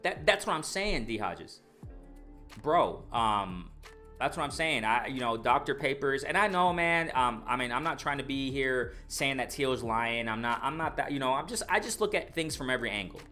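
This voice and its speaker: An excitable man hosts a live boxing stream, talking at a middle pitch. He reads viewer comments aloud, repeats himself and piles on his reactions. Faint music plays underneath him. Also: normal speed. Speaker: boxing livestream host. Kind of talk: live chat reading and commentary.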